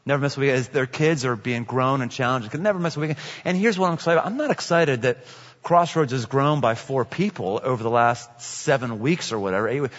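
A man's voice: mid-range voice, a little fast. A man preaching a sermon as a pastor, telling stories conversationally and repeating key phrases for emphasis. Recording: echoey hall, dull lo-fi sound.

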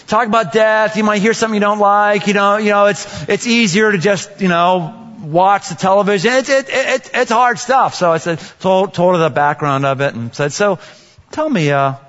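A man preaches to his congregation in a lively, joking way, slipping into acted-out voices for the people in his stories. His voice sits a little high for a man. The sound is dull and rings with a long reverb from a large church hall. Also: normal speed, hardly any pauses. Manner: animated, joking, acts out voices. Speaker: pastor. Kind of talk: sermon.

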